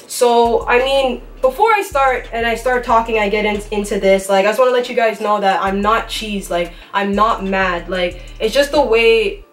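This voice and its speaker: A woman's voice: medium pitch, moderate pace, far from the mic. A young woman with a Toronto accent telling a story to camera in a casual, slangy, blunt way. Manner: slangy, blunt delivery she calls rough. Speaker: vlogger. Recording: roomy sound from off-mic, faint music.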